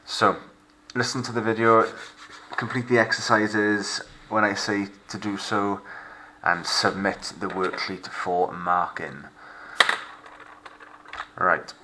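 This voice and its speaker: A man with a Welsh accent teaching a recorded remote lesson, modelling words slowly and clearly for students to repeat. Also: lowish voice, fairly even intonation, sharp tone, slight background noise. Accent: Welsh English.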